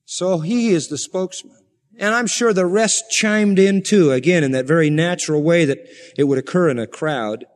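High-voiced preacher man in a reverberant hall. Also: moderate pace. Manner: earnest preaching, rising to fervent emphasis. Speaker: pastor. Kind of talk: sermon.

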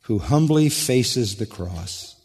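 A man preaching a sermon, emphatic, slowing down and dropping low and quiet on key words. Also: expressive, slightly rough. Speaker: pastor. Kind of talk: expository sermon. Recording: long hall reverb.

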